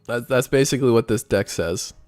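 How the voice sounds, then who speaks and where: A man hosting a store card game tournament stream, giving chatty, excitable play-by-play commentary to his chat. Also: medium pitch, a little fast, faint music behind. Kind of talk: casual livestream play-by-play commentary.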